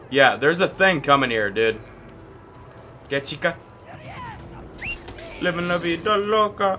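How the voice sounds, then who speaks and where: A man's voice: medium pitch, background noise. A man casually commenting on his own gameplay as a video host, rambling and talking to himself, with a cracky voice that breaks now and then. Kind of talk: casual let's-play commentary.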